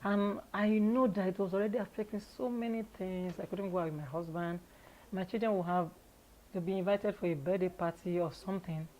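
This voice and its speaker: A Nigerian woman, an interview guest, telling her own story in a candid, lively way and laughing often. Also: on the low side, fairly quick, a little hiss or hum, poor audio.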